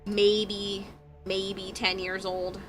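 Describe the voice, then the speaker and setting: A woman's voice: medium pitch, monotone, drawn-out words, a bit bright. A young adult woman livestreaming in casual chat while she works on a cosplay, telling stories, laughing and swearing freely. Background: music playing.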